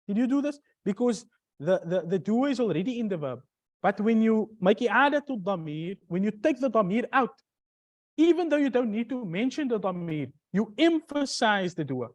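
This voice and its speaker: A teacher giving a classroom lecture on Arabic grammar, who often questions the class, restarts phrases and recites short Arabic verses in quick bursts. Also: medium pitch, lively intonation.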